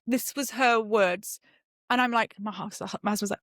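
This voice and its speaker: British woman, middle-aged, podcast guest, animated storytelling, dry close sound. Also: fairly quick, no room sound. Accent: British English. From Britain. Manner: lively, acts out quoted voices with sudden high jumps.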